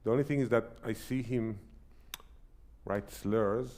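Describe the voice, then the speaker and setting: A man's voice: on the low side, unhurried. Man coaching a piano masterclass. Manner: sings rhythms with syllables, animated coaching. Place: recital salon.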